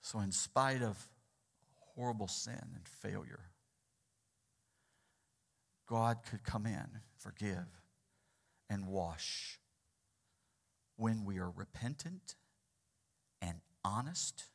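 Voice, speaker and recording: A man preaching a sermon as pastor, asking the congregation for responses and swinging between loud, urgent lines and hushed ones. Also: fairly low pitch, slow pace, gravelly, pauses often.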